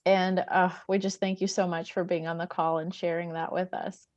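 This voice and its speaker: A woman's voice: on the low side, little pitch movement, normal speed, darkish tone, no room sound. A woman hosting a video call, effusive and laughing easily as she thanks and introduces guests. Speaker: host. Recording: dull, dry video-call audio.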